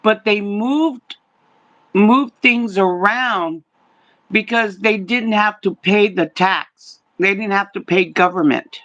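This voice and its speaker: A woman voicing a hurt, accusing young man's spirit, speaking in halting, repeated phrases. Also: medium pitch, a bit bright, highs cut off. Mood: explaining.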